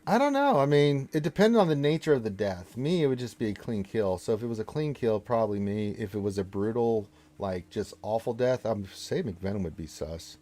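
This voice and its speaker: Playful, teasing streamer with a lowish voice. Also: male voice, expressive, fairly quick, hardly any pauses, warm tone. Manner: playful, mock-stern teasing. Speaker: game streamer reading chat. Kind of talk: casual live-stream chat.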